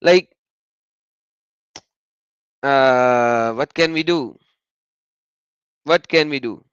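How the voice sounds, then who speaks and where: A man giving sarcastic video commentary as an online religion critic, mocking and swinging between loud exclaiming and muttering. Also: mid-range voice, drawn-out words, smooth, no room sound, muffled recording.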